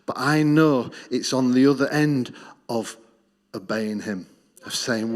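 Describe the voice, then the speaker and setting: A middle-aged Australian man giving a missions testimony in church, telling his story earnestly and dropping low and soft on key lines. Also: takes it slowly. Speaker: missions speaker.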